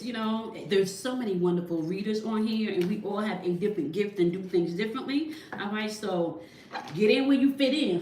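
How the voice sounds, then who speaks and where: A woman giving a tarot reading who explains each point and checks in with "okay?" as she talks to viewers from her desk. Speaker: tarot reader. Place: at a desk indoors. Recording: echoey room, mic at a distance, faint rumble.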